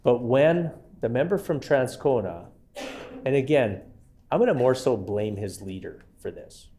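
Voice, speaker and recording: A man's voice: medium pitch, expressive, unhurried, mellow. A man with a Canadian accent, an education minister answering questions in a legislative committee, combative and sarcastic, often addressing the chair. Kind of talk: parliamentary committee debate. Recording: legislative room feed with faint noise.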